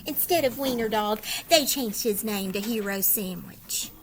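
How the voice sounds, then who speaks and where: A woman's voice: a little high, measured pace, a little hiss or hum, low-quality recording. A woman reading a children's picture book aloud expressively, asking her listeners questions. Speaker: storyteller.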